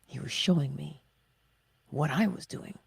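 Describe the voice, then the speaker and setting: A middle-aged woman hosting a motivational livestream, speaking slowly and emphatically and often dropping to a breathy whisper. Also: low voice. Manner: acts out her own self-talk in little voices. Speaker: livestream host.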